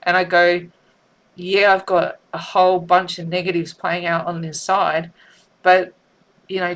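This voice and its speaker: A woman, a tarot reader talking in a heartfelt, tearful way, often halting and repeating herself. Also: on the low side, a bit bright. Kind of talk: emotional spiritual vlog.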